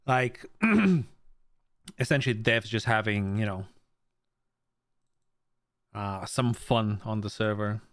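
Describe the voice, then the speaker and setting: A man's voice: lowish voice, slow, long pauses, a bit bright. A young adult man from Bulgaria chatting casually with his live stream viewers, stammering through restarts, swearing freely and greeting chatters by name.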